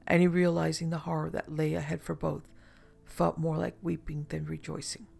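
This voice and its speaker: A narrator reading a romantic adventure novel aloud in measured, even storytelling. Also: mid-range voice, gravelly, breathy edge, soft background music. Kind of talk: audiobook narration.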